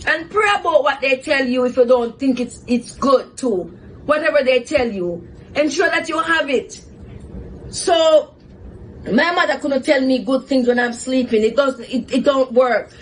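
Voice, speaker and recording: Female host, high voice, animated storyteller, faint hum behind, talk-show monologue. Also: measured pace, low-quality recording. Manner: animated, laughs often while telling a story. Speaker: host, psychotherapist.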